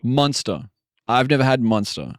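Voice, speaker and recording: A man's voice: mid-range voice, lively intonation, normal speed, dry recording, studio quality. A man chatting casually on a live stream, rambling and joking, with frequent swearing. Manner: rambling, jokey, swears often.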